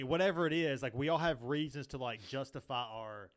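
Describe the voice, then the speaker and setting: A man's voice: medium pitch, a little fast, no room sound, clean studio sound. Rambling man co-hosting a podcast. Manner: rambling and earnest, with filler words and laughter. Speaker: podcast co-host. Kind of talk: casual chat.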